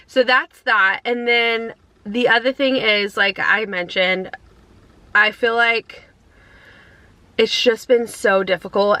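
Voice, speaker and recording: A woman in her thirties chatting casually to camera from her car, emotional and near tears, halting with many fillers. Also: mid-range voice, pushed and bright, no echo, rough recording. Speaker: vlogger. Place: inside a car.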